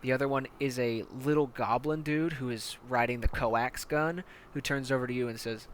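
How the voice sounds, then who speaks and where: A man's voice: mid-range voice, steady tone, normal speed, few pauses. A man narrating casually as the game master of a tabletop game. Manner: casual, descriptive.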